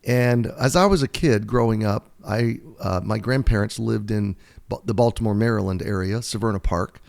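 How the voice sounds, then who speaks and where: A man in his fifties, an American devotional Bible teacher, giving an earnest, heartfelt, unhurried talk and reading aloud. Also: fairly low pitch, gravelly, a little mellow. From United States. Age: 50s.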